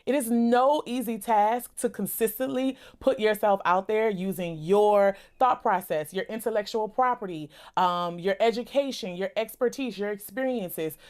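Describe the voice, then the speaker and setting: An enthusiastic woman speaks straight to camera in a motivational talk, stacking up emphatic lists with casual, chatty asides. Her voice sits at an ordinary middle pitch for a woman. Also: moderate pace, few pauses, a little mellow. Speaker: content creator and host.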